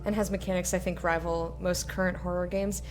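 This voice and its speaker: A woman's voice: fairly low pitch, level tone, brisk, darkish tone, soft background music. A woman streamer giving casual, rambling, self-mocking commentary while playing a game. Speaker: let's play streamer.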